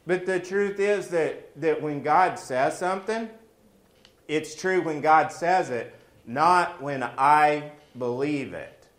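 A man's voice: on the high side, takes it slowly, fairly bright tone, reverberant. A man preaching a sermon in a folksy, joking way, weaving personal stories into his message.

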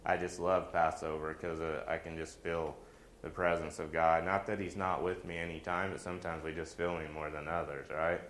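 Echoey low-voiced preacher telling stories. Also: male voice, normal speed, a little hiss or hum. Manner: animated, jokey asides, acts out quoted voices. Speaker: pastor. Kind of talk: storytelling sermon.

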